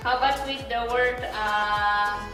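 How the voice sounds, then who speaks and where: A woman's voice: mid-range voice, fairly even intonation, unhurried. Woman, young, host, casual interview, chatty, laughs a lot, far from mic, echoey. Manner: laughs often, many fillers. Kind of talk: casual interview in Indonesian and English. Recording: echoey room from far off, music behind.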